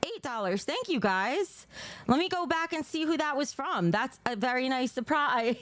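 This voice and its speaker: A woman's voice: sits high, sing-song, measured pace, a bit bright, no room sound. A woman livestreaming to her chat, feeling nauseous and unwell, rambling and apologetic, swearing and slipping into awkward giggles. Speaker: livestreamer reading chat donations.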